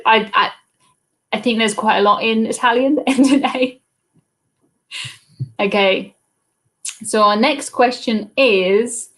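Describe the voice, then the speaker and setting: A British woman hosting a live cruise trivia stream in a chatty, casual way, reading out viewers' comments and answering them into a laptop webcam mic. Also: fairly high pitch.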